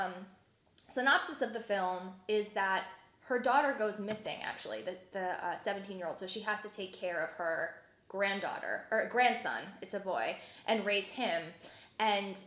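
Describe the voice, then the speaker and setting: A woman's voice: mid-range voice, a bit bright, roomy sound. A young woman co-hosting a podcast, chatting casually about films and filling her talk with "like". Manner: chatty, many fillers like "like". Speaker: podcast co-host.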